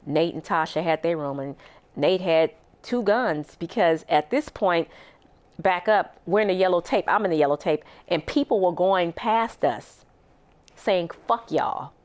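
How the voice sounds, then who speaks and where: A middle-aged woman speaking as a guest in an interview, retelling a personal story with raw emotion. Her voice sits fairly low, and she acts out the words of others as she goes. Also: lively intonation, unhurried, darkish tone. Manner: emotional, vivid retelling with acted-out quotes.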